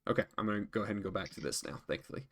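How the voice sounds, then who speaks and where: A man narrating and running a tabletop role-playing game, relaxed, with many fillers and frequent laughs. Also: fairly low pitch, racing, slight background noise. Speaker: dungeon master.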